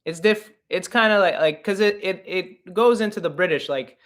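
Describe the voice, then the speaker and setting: A young man from Canada hosts a solo livestream Q&A. His voice sits a little high for a man. He rambles and cracks self-deprecating jokes as he answers fan questions. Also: normal speed, few pauses, a bit bright. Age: 20s. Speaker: comedian and podcast host. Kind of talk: casual livestream Q&A.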